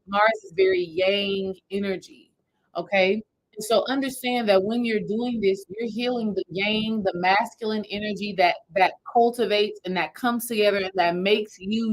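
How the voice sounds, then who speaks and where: A woman's voice: medium pitch, rough recording. A woman spiritual healing coach, talking her audience through a meditation step by step in a casual, repetitive way. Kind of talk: guided meditation talk to a live audience.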